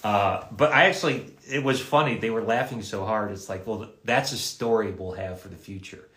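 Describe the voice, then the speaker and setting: A man, a voice actor, casually telling stories and answering fans' questions in a live session, in a halting way with frequent restarts and repeated words. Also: fairly low pitch, fairly bright tone. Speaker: voice actor guest at an autograph livestream. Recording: roomy echo.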